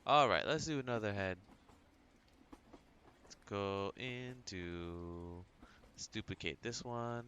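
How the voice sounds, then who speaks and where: A man on a livestream talking through his drawing steps in a relaxed, chatty way, thinking aloud and humming to himself at a home computer. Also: lowish voice, slow pace, long pauses, slight background noise. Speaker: livestreaming artist. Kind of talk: casual tutorial narration while drawing.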